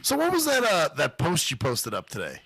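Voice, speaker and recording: A middle-aged radio host chats in loose, profane banter. His voice is raspy and gravelly, with lively swings in pitch. The studio sound is dry and close. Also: fairly quick, no echo. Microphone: studio microphone.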